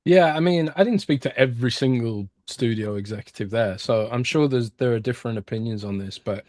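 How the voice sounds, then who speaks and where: A man's voice: mid-range voice, a little fast, a little mellow, dry recording. Hesitant British male reporter. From Britain. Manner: hesitant, many restarts and fillers. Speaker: games reporter. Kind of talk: casual podcast chat.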